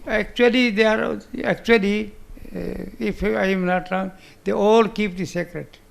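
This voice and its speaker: High, gravelly man telling a story. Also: fairly even intonation. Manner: halting broken English, many restarts. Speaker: spiritual master answering questions. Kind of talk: storytelling in a spiritual gathering.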